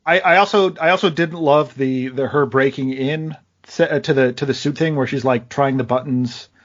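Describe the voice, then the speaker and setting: Male podcast co-host, halting mild critic, medium voice, slightly muffled recording. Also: medium pitch. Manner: hesitant, searching for words, mildly critical. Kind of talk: casual movie review chat.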